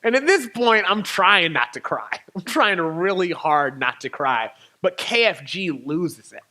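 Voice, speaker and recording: A poet shares a personal road story from a church stage, his voice bright and clear and set a little above the usual male pitch. He tells it candidly and with animation, letting small laughs slip between lines. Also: sing-song, unhurried. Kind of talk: spoken storytelling talk. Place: church venue.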